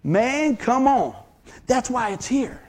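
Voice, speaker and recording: A man preaching a sermon, telling stories in an animated way that swings from hushed to loud. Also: very high-pitched, slow.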